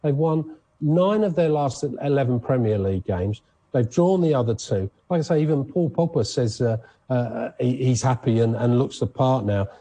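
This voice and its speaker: A man's voice: medium pitch, moderate pace, mellow, slightly rough. Chatty male radio sports presenter. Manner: chatty, rambling, frequent restarts. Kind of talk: casual radio sports chat.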